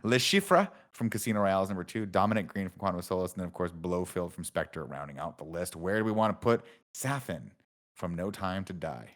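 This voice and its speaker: A man co-hosting a casual film review podcast, relaxed and joking. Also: low voice, brisk. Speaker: podcast co-host. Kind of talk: casual movie review chat.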